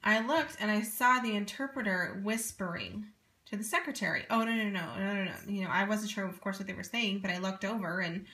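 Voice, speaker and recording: A woman in her thirties telling a personal story as a parent, in an earnest, animated way with many asides. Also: mid-range voice, fairly quick. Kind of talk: casual first-person storytelling. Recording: echoey room.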